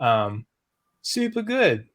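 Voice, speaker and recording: A man hosting a relaxed podcast chat. His speech is loose and rambling, full of small fillers, and he keeps nudging the group on to the next topic. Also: a little high, slow pace, dry recording. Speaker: podcast host. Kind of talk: casual chat.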